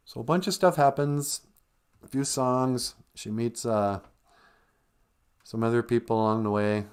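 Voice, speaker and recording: A man's voice: on the low side, animated, normal speed, a little mellow, smooth. Rambling man recapping a movie. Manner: rambling, digressive, self-interrupting. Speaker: podcast host. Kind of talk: casual comic movie recap.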